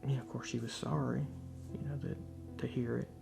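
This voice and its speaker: A man speaks in a candid, reflective way, telling his personal testimony. His mid-pitched voice is deeply gravelly, full of vocal fry. Faint guitar music plays quietly behind him. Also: level tone, brisk. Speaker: speaker sharing a faith testimony.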